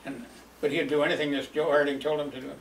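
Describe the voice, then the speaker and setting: A man's voice: a little high, fairly even intonation, fast talker, a little hiss or hum. An older man telling memories from his youth in a rambling, chuckling way, with many fillers. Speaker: storyteller. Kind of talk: reminiscing oral history. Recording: roomy, distant mic, faint ambience.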